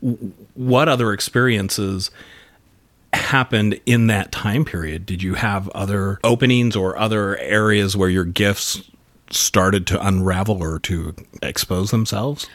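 A man co-hosting a podcast, asking a guest gentle, curious follow-up questions. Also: lowish voice, measured pace, dry recording. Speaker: podcast co-host. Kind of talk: interview questions.

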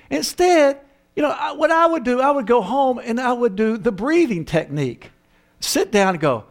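Animated high-voiced older man counselor. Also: unhurried, pauses often. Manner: animated, self-mocking, acts out voices. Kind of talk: humorous storytelling talk.

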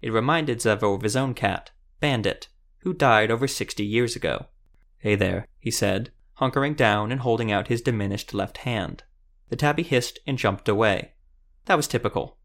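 The fantasy audiobook is read by a man whose storytelling is even and unhurried in a steady way. He speaks at normal speed with a medium-pitched voice.

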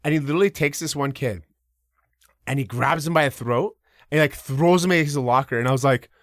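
A man telling personal stories as a guest in a casual interview. He talks in an animated way, with a lot of fillers and some casual swearing. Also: medium pitch, fast talker, dry recording, clean studio sound. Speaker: podcast guest. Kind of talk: casual storytelling.

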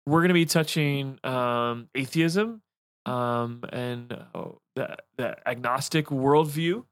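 A man's voice: medium pitch, slow, smooth, dry recording. A man, a pastor co-hosting a church podcast, talking casually with frequent ums, restarts and dry humor. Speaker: lead pastor, podcast co-host. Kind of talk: casual chat.

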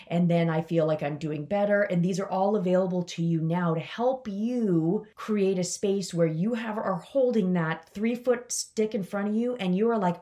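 A woman's voice: moderate pace, few pauses, dark tone. Casual, upbeat woman podcast host. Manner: casual and enthusiastic, acting out quotes with jumps in pitch. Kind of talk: motivational podcast monologue.

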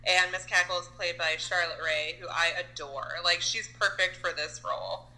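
A woman's voice: lowish voice, steady tone, moderate pace, bright, forceful tone, rough recording. A woman co-hosting a casual film review chat, recounting scenes in a chatty, filler-heavy way. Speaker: podcast co-host reviewing a film.

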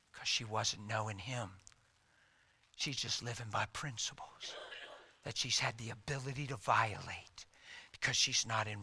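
A middle-aged man preaching a sermon, telling a personal story and swinging from loud outbursts to hushed asides. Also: medium pitch. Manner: animated, swings from loud to hushed, acts out quotes.

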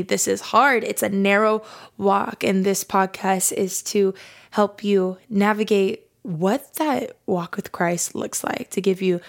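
Bubbly young woman with a gravelly edge. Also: medium pitch. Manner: bubbly and enthusiastic, says y'all; prays softly and earnestly. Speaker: podcast host. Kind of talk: casual faith podcast chat.

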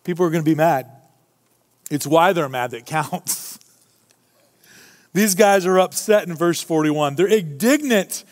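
A man preaching a sermon as pastor, animated, acting out the people he quotes. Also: on the high side, measured pace, long pauses. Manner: animated, acts out quoted voices. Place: church sanctuary. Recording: long hall reverb.

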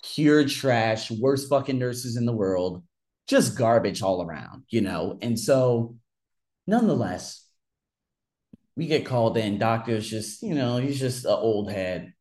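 A man's voice: mid-range voice, lively intonation, unhurried, a little mellow. A man telling a personal story in a casual monologue, ranting heatedly and swearing often. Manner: heated, profane ranting with frequent restarts.

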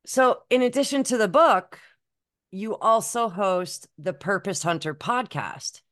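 A woman's voice: mid-range voice, unhurried, fairly bright tone. A woman hosting an interview, affirming her guest with supportive words and short agreements. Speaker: show host. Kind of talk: conversational interview.

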